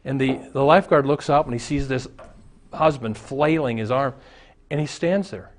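A man's voice: mid-range voice, moderate pace. A man preaching a sermon as a pastor, telling stories and jokes and acting out the voices in them.

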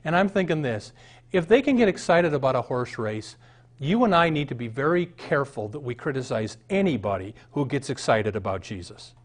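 Pastor, middle-aged man, from the Midwest, sermon, emphatic delivery, mid-pitched voice. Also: animated, brisk. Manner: reads aloud then preaches with rising emphasis.

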